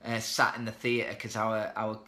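Thirties male host, self-deprecating live chat, crisp bright voice. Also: fairly low pitch, monotone, unhurried. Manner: chatty, reads out viewer comments, self-deprecating. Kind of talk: casual live-stream chat. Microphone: webcam or phone mic.

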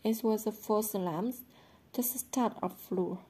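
A woman reading the lines of a worried but gentle mother in an audiobook, in a calm, soothing way. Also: medium pitch, measured pace, husky.

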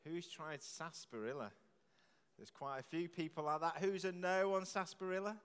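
A man leading a church service, jokily quizzing the congregation with quick questions. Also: a little high, a bit bright, smooth. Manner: jokey, chatty, quizzing the audience with quick questions. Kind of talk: playful all-age talk with the congregation. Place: large church with long reverb. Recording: echoey church from a distance.

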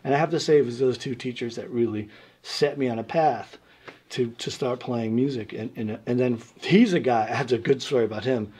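Husky-voiced New man telling stories. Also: medium pitch, brisk. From Brooklyn, New York. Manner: animated, acts out voices, many "like" fillers. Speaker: guest musician. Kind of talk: casual interview storytelling.

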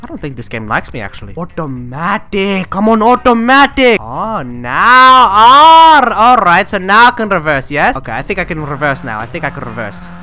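Excitable young man over loud game music. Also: high-pitched, moderate pace, few pauses. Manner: excitable, boastful, jokey, swings from mumbling to yelling. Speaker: gaming channel host. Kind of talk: gameplay commentary. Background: loud game music and car engine sounds.

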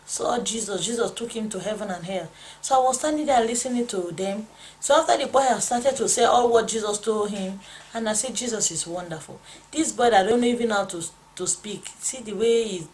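An earnest woman recounts a dream as testimony at a mid pitch, repeating lines as her feeling builds. A faint hiss of noise sits behind her voice. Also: poor audio. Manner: earnest, storytelling, repeats lines with rising emotion. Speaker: pastor's wife sharing a dream testimony. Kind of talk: spoken testimony.

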